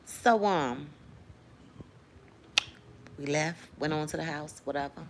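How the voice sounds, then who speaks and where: A woman's voice: deep voice, slow, pauses often, a little hiss or hum. A woman telling a faith testimony to her viewers, acting out what people said and laughing often. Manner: animated storytelling, acts out quotes, laughs often. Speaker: host sharing a faith testimony. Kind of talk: lively spoken testimony to viewers.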